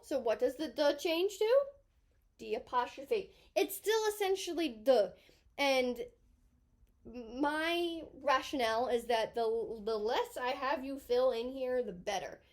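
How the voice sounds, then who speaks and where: A woman teaching a French grammar lesson, chatting and thinking aloud as she writes on a board. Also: high-pitched.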